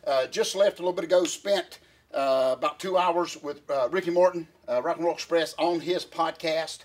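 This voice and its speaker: Man, podcast co-host, high pitch, winded, rambling and folksy. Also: moderate pace. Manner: rambling folksy storytelling, calls partner "boy". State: out of breath. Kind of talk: casual chat.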